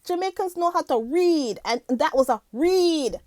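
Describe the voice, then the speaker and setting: A woman vlogger talks straight to her viewers, reading news aloud in a casual, chatty way and stumbling over words now and then. Her voice sits high and swings up and down. The sound is dry and close, with no room in it. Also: expressive, measured pace, darkish tone, no echo. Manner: laughs often, reads aloud with stumbles and restarts; chatty, addresses viewers as guys. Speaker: commentary vlogger.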